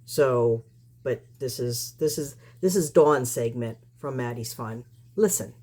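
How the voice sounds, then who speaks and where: Woman commentator with a deep voice, heated and rambling. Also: measured pace, warm tone. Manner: combative, rambling with restarts. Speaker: YouTube commentator. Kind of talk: casual commentary.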